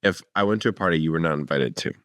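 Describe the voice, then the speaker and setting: A man's voice: sits low, very fast, a bit bright, no room sound, studio quality. A man co-hosting a podcast in casual chat, laughing often and spinning rambling hypotheticals. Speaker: podcast co-host.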